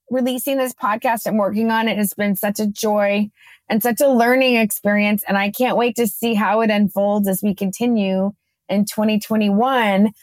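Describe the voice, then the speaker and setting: Animated woman telling a story on a podcast. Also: on the high side, dry recording. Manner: animated storyteller acting out her own quotes. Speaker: podcast co-host. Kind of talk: casual podcast chat.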